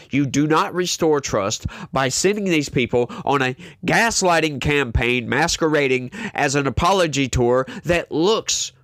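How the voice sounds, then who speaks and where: A man's voice: medium pitch, a bit bright, no echo. A male commentary host ranting emphatically, exasperated and repeating himself as he rails against the news.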